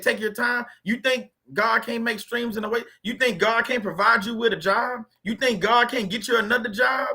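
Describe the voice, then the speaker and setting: Guy preaching to his channel, AAVE, high bright voice, talks to y'all like church. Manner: conversational preacher, repeats phrases, reads scripture slowly. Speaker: YouTube faith channel host. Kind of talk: informal preaching and scripture reading.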